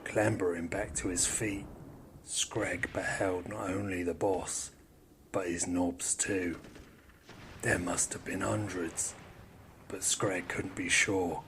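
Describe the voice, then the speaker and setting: A man narrating an audio drama in measured storytelling, with some hushed, whispery passages. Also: deep voice, steady tone, background noise.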